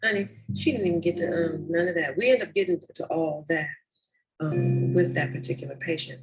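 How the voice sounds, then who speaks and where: A woman's voice: low voice, rough recording. A woman telling a story from her nursing job in a blunt, matter-of-fact way, calling people honey and girl. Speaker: prison nurse telling a work story. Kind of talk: casual storytelling to camera.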